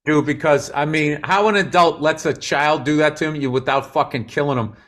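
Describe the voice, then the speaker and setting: A middle-aged man in casual podcast chat, blunt and profane, with a joking edge. His voice sits a little high for a man. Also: steady tone, fairly quick, fairly bright tone. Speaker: podcast co-host.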